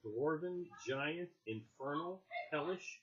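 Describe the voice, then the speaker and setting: A man plays at a home tabletop game and talks in a plain, matter-of-fact way. His voice is fairly high with a lively pitch. The recording sounds dull and lo-fi. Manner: plain and matter-of-fact, lists things slowly. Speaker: player. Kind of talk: casual chat at the game table.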